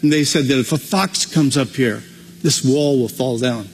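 A man's voice: medium pitch, normal speed, slight background noise. A man preaching a conversational sermon as pastor, with frequent restarts. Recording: long hall reverb.

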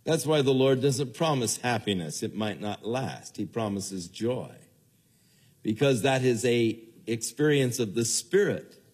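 An older man preaching a sermon in an earnest way, with his voice falling low and soft at the ends of phrases. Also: lively intonation, unhurried, husky. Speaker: pastor.

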